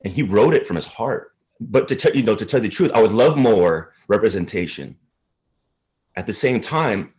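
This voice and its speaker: A man, an actor, talking in an interview in an earnest, halting, emotional way. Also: deep voice, darkish tone.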